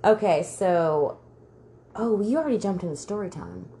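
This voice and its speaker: A woman's voice: mid-range voice, lively intonation, moderate pace, warm tone, a little hiss or hum. A woman co-hosting a podcast, telling stories in casual chat, laughing often and swearing freely. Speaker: podcast co-host.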